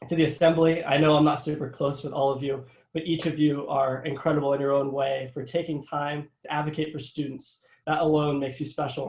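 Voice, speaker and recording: A young man, a student government vice president, giving a halting, informal farewell speech with many fillers over a video call. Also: mid-range voice, darkish tone, reverberant, poor audio. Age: young adult.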